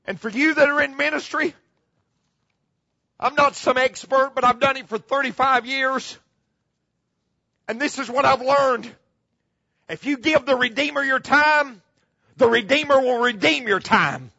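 A middle-aged male pastor delivers a dramatic sermon in a high, bright, gravelly voice with a husky edge. He repeats his key phrases and sinks to hushed tones. The recording is muffled and slightly lo-fi. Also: a little slow, pauses often.

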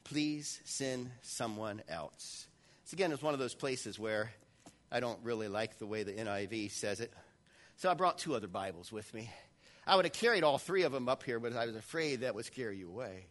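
A man preaching a sermon in a church, animated, swinging between loud passages and hushed ones. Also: medium pitch, a little fast. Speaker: pastor.

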